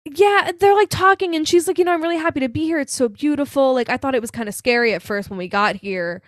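A woman co-hosting a casual podcast, recapping a film in lively chat and acting out lines with laughs and swearing. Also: high-pitched, quick pace, dry recording, studio quality. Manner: animated, swears, acts out quotes with laughs. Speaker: podcast co-host.

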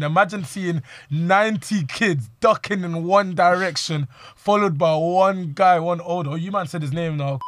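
A man's voice: on the high side, a bit bright. Young man telling stories. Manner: slangy, acts out quoted lines. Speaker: storyteller. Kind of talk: animated casual storytelling with friends.

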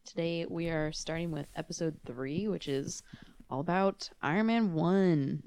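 A woman's voice: low voice, unhurried, darkish tone, clear, resonant tone. A young woman co-hosting a casual podcast with her father, chatty and sarcastic, laughing often. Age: young adult. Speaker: podcast co-host. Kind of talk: casual chat. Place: her father's home office, indoors.

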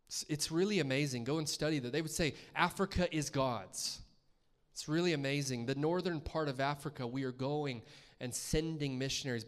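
A man with a medium-pitched voice preaches a sermon as a guest speaker in a church. He talks conversationally and poses questions to the congregation.

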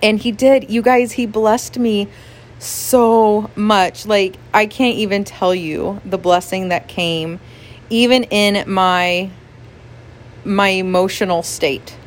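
A pastor's wife giving a casual, earnest devotional talk to listeners, emotional and quick to laugh, with many "like" fillers. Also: female voice, mid-range voice, fairly even intonation.

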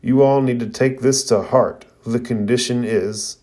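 A man's voice: mid-range voice, steady tone, measured pace, a little mellow, close to an everyday voice. A man voicing a stern adult male ninja teacher who lectures at length, as read in a show review. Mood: lecturing.

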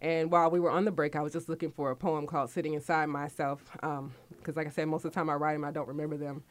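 A woman's voice: fast, no echo. A woman in her forties hosting a radio talk show, chatting candidly and openly about her life and work. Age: 40s. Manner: chatty and candid, lively with sudden high bursts. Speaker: radio host.

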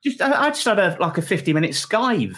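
Lively young English man, bright tone. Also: high voice, brisk. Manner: lively, jokey, hesitant fillers. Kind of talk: casual chat.

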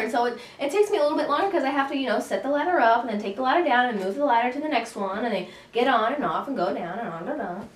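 A woman's voice: a little high, racing, hardly any pauses. Playful woman in an echoey room. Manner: playful, laughs often. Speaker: co-host. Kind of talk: casual chat. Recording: echoey room, distant mic.

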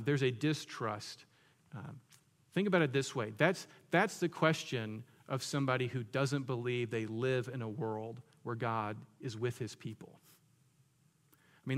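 A man's voice: medium pitch, in a large hall. A man preaching a sermon in a conversational, joking way, asking his listeners questions. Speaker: pastor.

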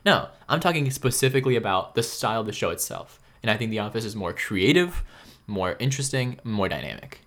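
A man's voice: on the low side, very animated, a little fast, a bit bright. A young man co-hosting a casual podcast chat, teasing his friend and joking around. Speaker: podcast co-host.

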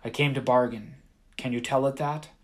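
A man's voice: medium pitch, steady tone, normal speed, lightly acted. A man voicing a young boy who is frightened but pushes on with determination. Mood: urgent.

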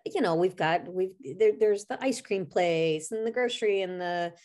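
A woman's voice: lowish voice, moderate pace, a little mellow. Earnest middle-aged woman telling a story. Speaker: podcast co-host. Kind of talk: casual conversation, personal storytelling.

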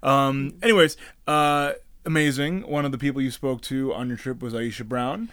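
A man co-hosting a podcast in casual chat, relaxed and giving short replies. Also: medium pitch, normal speed, clean tone. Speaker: podcast co-host.

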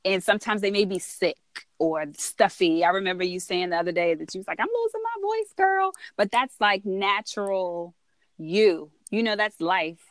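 Podcast host, woman, lower voice, warm affirming interviewer, dry close recording. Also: fairly even intonation, moderate pace, no room sound. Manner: affirming, encouraging. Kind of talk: conversational interview.

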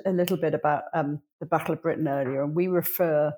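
A woman hosting an interview, her voice sitting notably low for a woman. She responds to her guest encouragingly before moving briskly into the next question. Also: steady tone, warm tone. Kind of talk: conversational interview.

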